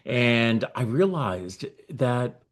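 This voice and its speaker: A middle-aged man, a guest on an interview podcast, telling his story with lively acted-out dialogue. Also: medium pitch, drawn-out words. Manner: animated storyteller acting out quoted dialogue. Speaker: guest, nonprofit founder.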